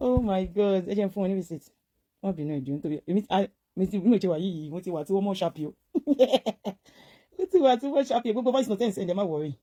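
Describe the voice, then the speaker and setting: A woman's voice: mid-range voice, lively intonation, racing, warm tone. Gushing overjoyed woman in a video clip. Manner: gushing, overjoyed, tearful, repeats "oh my God". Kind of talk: emotional social media clip.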